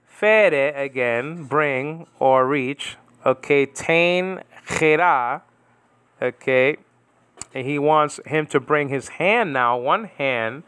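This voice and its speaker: A man teaching New Testament Greek in a casual, rambling way, slowly repeating the Greek words and chuckling now and then. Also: a little high, fairly bright tone, clean tone. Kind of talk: casual Bible Greek lesson.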